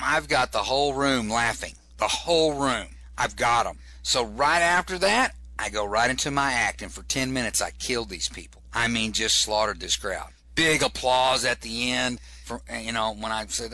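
Middle-aged comedian with a bright, tense voice, spinning a loose anecdote. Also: male voice, mid-range voice, expressive, normal speed, dry recording. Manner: rambling, repeats words for comic effect. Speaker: comedian telling a story. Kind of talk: casual storytelling.

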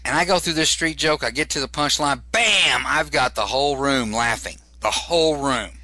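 A stand-up comedian telling a story in an interview, animated and repeating words for comic effect. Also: male voice, medium pitch, normal speed, dry recording.

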